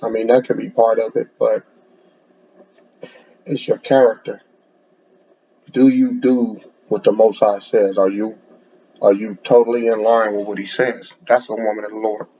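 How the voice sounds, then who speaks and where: A man's voice: lowish voice, level tone, moderate pace, pauses often, dark tone, a little hiss or hum. A man preaching bluntly, lecturing and repeating words as he speaks, in a dull lo-fi recording. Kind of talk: sermon to camera.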